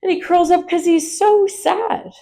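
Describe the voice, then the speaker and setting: A woman teaching children's yoga through a story, gentle and asking the kids questions as she guides the poses. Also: very high-pitched, fairly even intonation, a little slow, vocal fry.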